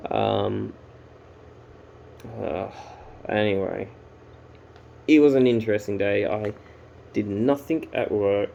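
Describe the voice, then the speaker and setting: A man's voice: on the low side, fairly even intonation, slow, vocal fry, long pauses, darkish tone, a little hiss or hum, poor audio. A man ranting casually and swearing as he tells a story to camera. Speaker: vlogger.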